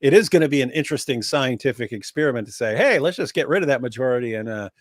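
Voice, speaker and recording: A man's voice: mid-range voice, animated, fast, no room sound, clean studio sound. Wry, bantering man on a livestream. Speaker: livestream co-host. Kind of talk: casual livestream chat.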